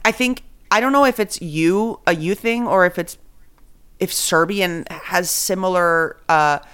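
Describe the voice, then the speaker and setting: A woman's voice: on the low side, measured pace, fairly bright tone, clear, resonant tone. A woman hosting a podcast, chatting casually in a giggly, rambling way with lots of fillers. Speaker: podcast host. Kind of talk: casual chat.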